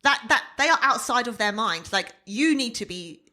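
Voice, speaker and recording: A woman co-hosting a casual podcast, cheeky and quick with quips. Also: a little high, animated, bright, forceful tone. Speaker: podcast co-host, wig maker. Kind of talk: casual chat.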